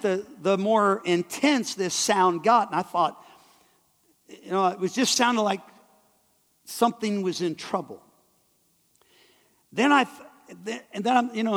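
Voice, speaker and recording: High-voiced preacher in an echoing hall. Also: male voice. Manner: halting, repeats and restarts words. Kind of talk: sermon storytelling. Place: church hall. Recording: long hall reverb.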